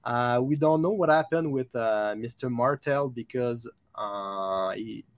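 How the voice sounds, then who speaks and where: A native French speaker from Quebec, Canada, hosts a casual podcast interview in eager, halting English with a Québécois French accent. His voice is medium-pitched.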